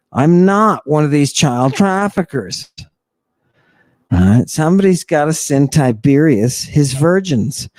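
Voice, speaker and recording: A man with a slightly high voice holds forth in a heated lecture-style monologue. He jabs at listeners with rhetorical questions and sardonic asides. The sound is dry and close, with no room echo. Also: mellow. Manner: mocks opponents with exaggerated put-on voices. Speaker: podcast host.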